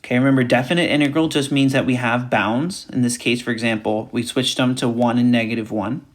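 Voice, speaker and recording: A man's voice: mid-range voice, fairly even intonation, a little fast. Male math instructor, mid-range voice, recorded lecture, methodical and repetitive. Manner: talks through steps aloud, repeats key points.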